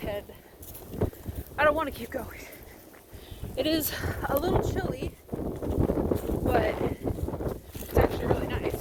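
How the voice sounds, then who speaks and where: Breathless woman vlogging in loud wind. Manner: chatty, rambling, talks to her dog in a high baby voice. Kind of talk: casual walking vlog. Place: windy lakeside beach outdoors. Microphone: handheld camera. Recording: loud wind noise on the mic. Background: strong wind and lake water.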